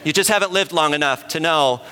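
A man giving a sermon as a pastor, talking in a conversational and animated way and asking the room questions. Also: on the high side, fairly quick. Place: church hall with an audience. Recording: long hall reverb.

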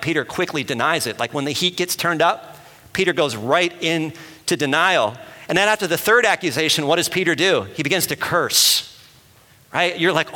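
A man giving a sermon as a pastor, talking in a conversational and animated way and asking the room questions. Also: a little high. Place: church hall with an audience. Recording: long hall reverb.

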